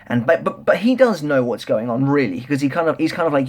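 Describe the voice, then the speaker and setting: A young man reviewing a manga chapter in a casual, rambling, excitable way, full of restarts and filler words. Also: medium pitch, fast. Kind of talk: casual solo review chat.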